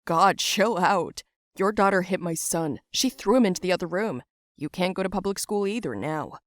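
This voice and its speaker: A woman voicing a smug middle-aged father who brushes off another parent in an animated story. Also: on the low side, normal speed, dry recording, clean studio sound, natural voice. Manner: smug, dismissive.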